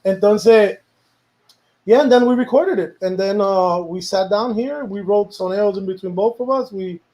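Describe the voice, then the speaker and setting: A man's voice: sits high, moderate pace, warm tone, rough recording. A man, a music producer, talking casually about making a song, rambling and slipping into Spanish now and then. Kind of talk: casual chat.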